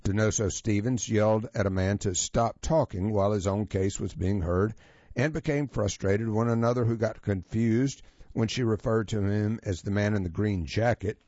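A man presenting a magazine feature as scripted narration, reading in a measured, even manner. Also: on the low side, no echo. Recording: dull, lo-fi, dry sound.

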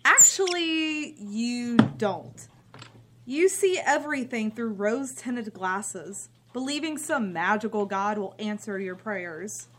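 An actress playing a bitter, cynical grown daughter who talks with sarcastic scorn. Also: female voice, on the high side, slow pace, a bit bright, a little hiss or hum. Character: bitter cynical adult daughter living at home. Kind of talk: drama scene.

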